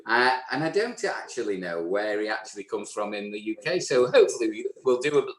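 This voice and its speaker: A man's voice: lowish voice, very animated, fairly quick, a bit bright. A man co-hosting a live barbering show, introducing a guest with lots of hesitations and fillers. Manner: hesitant, filler-heavy, friendly. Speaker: podcast co-host. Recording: roomy echo.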